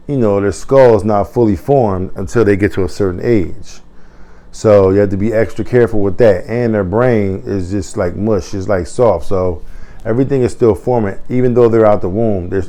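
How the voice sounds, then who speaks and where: A man's voice: fairly low pitch, warm tone. A man in casual video commentary, talking in a conversational way full of "you know what I'm saying" and heated rhetorical questions. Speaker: commentator on a news story.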